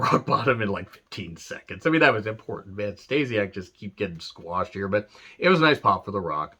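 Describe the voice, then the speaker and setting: A man's voice: lowish voice, animated, brisk, bright, forceful tone. A man reviewing an old wrestling show in a casual, rambling rant, earnest and full of fillers.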